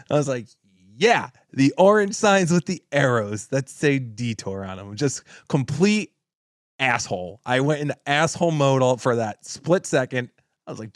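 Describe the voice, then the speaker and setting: A man's voice: medium pitch, lively intonation, normal speed, no echo, studio quality. A man co-hosting a podcast, telling a swear-laden story in casual chat and laughing as he talks. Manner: profane, storytelling, laughs often. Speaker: podcast co-host.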